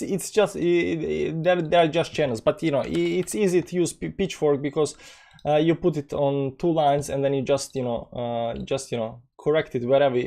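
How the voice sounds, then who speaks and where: A man hosting a casual live stream, reading chat and talking through charts in a rambling, filler-heavy way, low on energy. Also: mellow. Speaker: crypto live stream host.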